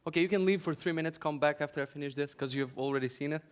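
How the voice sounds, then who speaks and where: Guy from macedonia ranting and joking at a tech conference, a bit higher voice. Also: very fast, smooth. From North Macedonia. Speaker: conference speaker. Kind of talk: conference talk. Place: conference hall.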